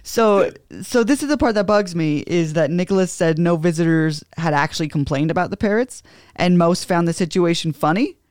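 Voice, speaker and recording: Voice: medium pitch, normal speed, a little mellow, no room sound, clean studio sound. A podcast co-host chatting casually and reading out news stories. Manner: reads news items aloud, chatty. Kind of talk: casual chat.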